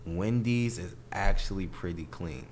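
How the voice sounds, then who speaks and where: A man's voice: low-pitched, measured pace, a little mellow, a little hiss or hum. A young man chatting casually as a podcast guest, telling stories and acting out the voices of other people in them. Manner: laid-back storyteller, acts out quotes in other voices.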